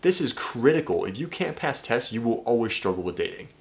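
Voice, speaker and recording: A man's voice: mid-range voice, very animated, brisk, gravelly. A man coaching viewers on dating in a casual video breakdown, talking emphatically, swearing and addressing the audience directly.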